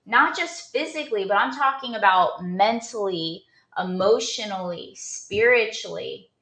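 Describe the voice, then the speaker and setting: A woman's voice: mid-range voice, lively intonation, unhurried, fairly bright tone, reverberant. A woman performance coach giving an earnest motivational talk, telling a personal story with many restarts and fillers.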